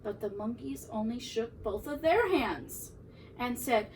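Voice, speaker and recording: A woman teacher reading a picture book aloud to young children in an expressive, animated way. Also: a little high, measured pace, distant mic, noisy background. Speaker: preschool teacher.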